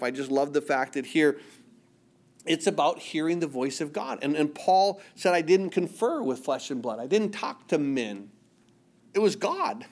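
A middle-aged man preaching a sermon, earnest, often repeating words and dropping to a hush for emphasis. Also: a little high. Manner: earnest, repeats words, swings between loud emphasis and hushed quiet. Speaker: pastor.

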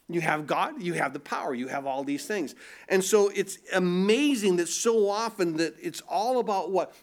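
A man preaching a sermon, asking his listeners rhetorical questions and often repeating words as he builds his points. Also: high voice. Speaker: pastor.

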